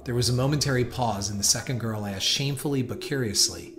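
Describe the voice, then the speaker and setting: A man giving a measured, dramatic scripted narration of a horror story. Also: medium pitch. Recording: noisy hiss behind voice.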